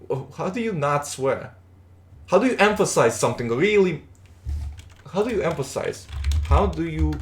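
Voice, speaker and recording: A man's voice: a little high, echoey room. A man streaming in a casual, rambling chat, stumbling and repeating words, with the odd swear.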